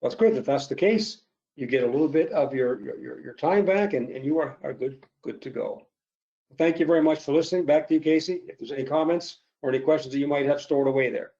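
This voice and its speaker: Male presenter, steady explanatory webinar demo; warm, muffled audio. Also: on the high side, fast, gravelly. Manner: explanatory, steady walkthrough with fillers.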